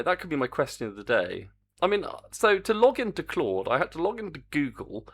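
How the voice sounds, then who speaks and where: A man with a fairly high, very animated voice talks a little fast while streaming his game development. He chats casually in live-stream fashion as he codes, muttering in exasperation and humming to himself.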